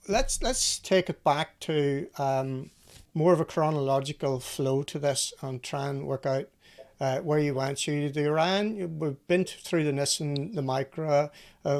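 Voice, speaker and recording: A man's voice: fairly high pitch, darkish tone. Chatty male podcast host. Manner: chatty, steering questions, wry. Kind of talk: casual interview chat.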